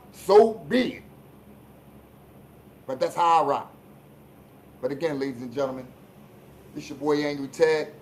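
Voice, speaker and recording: A man from hosting a live-streamed sports talk show, ranting bluntly and with plenty of profanity, dropping low for asides and rising into shouts. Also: a little hiss or hum, poor audio. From Philadelphia.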